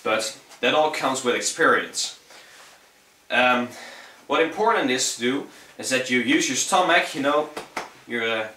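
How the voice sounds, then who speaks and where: A young man with a Dutch accent talks through a casual how-to in loose, swearing, easygoing English. His voice is bright and forward, though he sits back from the mic in an echoey room. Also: mid-range voice, expressive, measured pace, distant mic. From Netherlands. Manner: rambling, profane, laid-back. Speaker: vocal tutorial vlogger.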